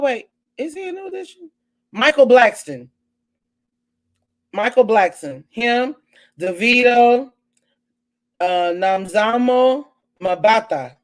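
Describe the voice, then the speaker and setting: A woman hosting her own live online show, chatting casually and animatedly with viewers, full of exclamations and asides. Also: on the high side. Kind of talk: casual live-stream chat.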